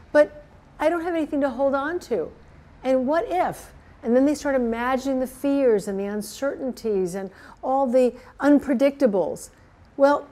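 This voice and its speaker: A woman's voice: medium pitch, warm tone. An older woman, a pioneer of coaching, talking earnestly to camera and building long lists of phrases. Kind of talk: reflective talk to camera.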